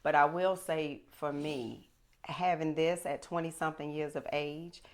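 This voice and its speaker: Middle-aged woman host, low voice, emphatic and animated storytelling. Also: a little slow. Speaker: podcast host. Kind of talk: casual chat.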